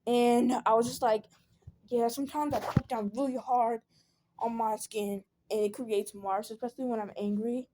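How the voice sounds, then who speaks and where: A woman's voice: a little high, steady tone, normal speed, noisy background. A teenage girl telling a personal story in a casual storytime vlog. She rambles, fills her talk with "like" and "um", and acts out the people she quotes.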